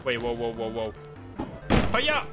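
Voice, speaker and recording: A man streaming a video game live, commenting excitably, laughing and swearing as he plays. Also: a little high, normal speed. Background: game music.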